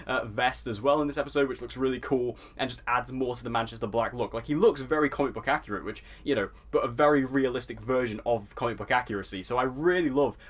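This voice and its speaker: A TV review vlogger rattles quickly through his take on an episode, chatty and enthusiastic, heaping on praise as he goes. His voice sits at an ordinary pitch.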